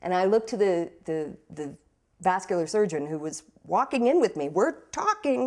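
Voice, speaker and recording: A young woman recounting a personal ordeal, halting and repeating words, emotional but steady, with rueful laughs. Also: medium pitch. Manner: halting, repeats words while searching for them. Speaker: interviewee. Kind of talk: personal storytelling.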